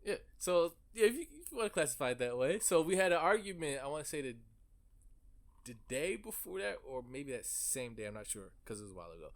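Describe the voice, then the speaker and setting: A man's voice: fairly high pitch, big pitch swings, fast. A young man hosting a podcast, telling a story in a casual, profane way and laughing through it. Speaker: podcast host.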